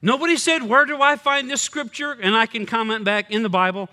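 Older man preaching, high bright voice, lively swings; pastor at the pulpit. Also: a little fast. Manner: animated, swinging between loud punchy lines and low drops. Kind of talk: sermon.

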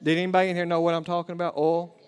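High-voiced Oklahoma preacher. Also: male voice, completely flat delivery, racing, clean tone. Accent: Oklahoma Southern. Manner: folksy, conversational, addressing the congregation. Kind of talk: sermon.

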